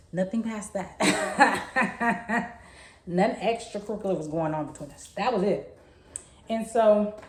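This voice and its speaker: A young woman, telling a story in a chatty, animated way. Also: lowish voice. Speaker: vlogger. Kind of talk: casual storytime. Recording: echoey room.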